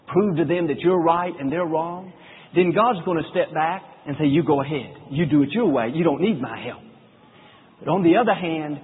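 Male pastor, husky, earnest sermon storyteller, thin phone-like sound. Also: sits high. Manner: earnest storytelling preacher, slows for scripture quotes. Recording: phone-like sound with long hall reverb.

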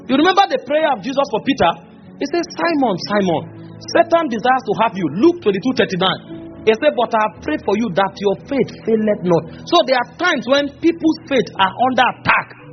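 A man preaches with a high voice, animated and theatrical, slipping into voices to act out scenes. The recording sounds a bit muffled, with faint music underneath. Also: a little fast. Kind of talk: sermon.

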